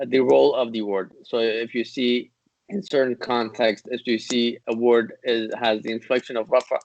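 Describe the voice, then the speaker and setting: A man teaching a classical Arabic grammar lesson on a video call, explaining patiently with many fillers and restarts, and reciting Arabic text in quick bursts. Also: medium pitch, highs cut off. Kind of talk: online class lecture.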